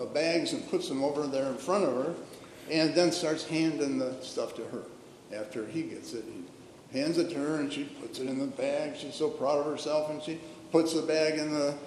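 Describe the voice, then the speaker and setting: A man's voice: on the high side, normal speed, a little mellow, slight background noise. An older man, a retired pastor, preaching a folksy storytelling sermon full of fillers and restarts. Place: church sanctuary. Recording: echoey hall with long reverb, faint room ambience.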